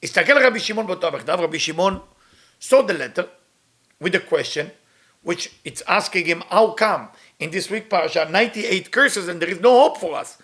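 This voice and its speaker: Fast-talking man teaching. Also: sits high, expressive, bright, forceful tone. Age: middle-aged. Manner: reads Hebrew text quickly, then retells it in English. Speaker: Kabbalah teacher. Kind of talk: storytelling lesson with translation.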